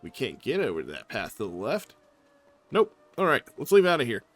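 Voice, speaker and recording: A man's voice: mid-range voice, wildly swooping pitch, fairly quick. A man giving casual gameplay commentary as a let's play host, chatty and thinking aloud. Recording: faint game music behind.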